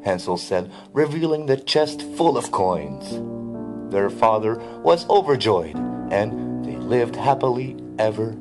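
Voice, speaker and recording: Animated male storybook narrator. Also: fairly low pitch, slow, over music.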